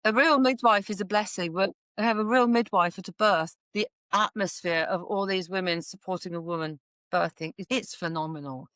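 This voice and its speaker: A woman's voice: medium pitch, fairly quick, hardly any pauses, a bit bright, no echo. A woman, a doula, telling birth stories in a podcast interview with passion and frequent restarts.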